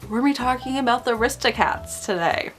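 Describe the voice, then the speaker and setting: A woman's voice: fairly high pitch, expressive, quick pace, over music. A woman hosting a casual film review vlog, opinionated and nitpicking, often laughing between points.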